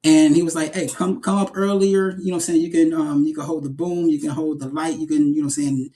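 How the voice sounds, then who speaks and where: A young man with a slightly high voice tells his story in a relaxed interview. He is animated and often restarts or repeats words. His delivery is casual and conversational. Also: fast. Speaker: actor, interview guest.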